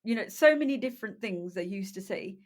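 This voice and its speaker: A woman's voice: mid-range voice, expressive, brisk. A woman in her thirties, co-host of a casual podcast, whose first language is Punjabi. She talks in a loose, chatty way, often stopping mid-sentence to look for a word and laughing it off. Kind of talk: casual chat.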